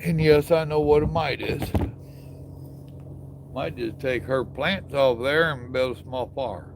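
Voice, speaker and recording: Folksy older man with a gravelly voice. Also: mid-range voice, a little slow, background noise. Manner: folksy, drawling, chatty with viewers. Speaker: live stream host. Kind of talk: casual live stream chat. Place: outdoors in the evening.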